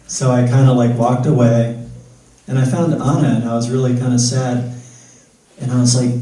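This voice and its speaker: A man on stage telling a wry, slow anecdote between songs while the audience laughs. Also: mid-range voice, lively intonation, a little mellow, far from the mic. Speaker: singer-songwriter. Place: live concert venue. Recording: very echoey venue recording from afar.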